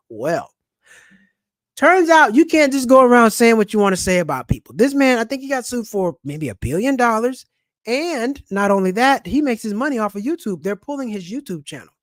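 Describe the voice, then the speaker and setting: A middle-aged man, hosting a casual money vlog in an animated, preachy way full of street slang. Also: extremely high pitch, fairly quick, no room sound, clean studio sound. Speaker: channel host and comedian. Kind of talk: casual personal finance vlog.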